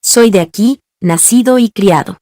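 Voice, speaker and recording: A woman's voice: medium pitch, moderate pace, dark tone, no room sound, studio quality, natural voice. A female text-to-speech voice playing a computer language tutor, delivering polite, evenly paced conversation prompts. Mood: friendly. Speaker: language practice app voice.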